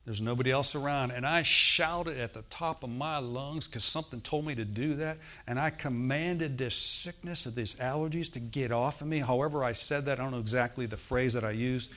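A man's voice: medium pitch, moderate pace, few pauses, a bit bright. A man preaching a sermon, telling a personal healing story and often asking the congregation "Amen?". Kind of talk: sermon testimony.

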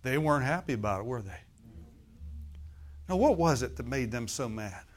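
A man's voice: medium pitch, sing-song, normal speed. A male preacher delivering a sermon in a church service. He speaks in a folksy, conversational way, breaking into laughing asides and tossing rhetorical questions at the congregation.

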